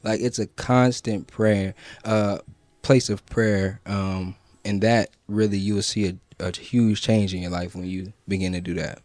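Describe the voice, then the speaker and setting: A man's voice: lowish voice, unhurried, dry recording. Slangy man in dry, close sound. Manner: relaxed, slangy, conversational. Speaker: podcast co-host. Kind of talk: casual chat about prayer.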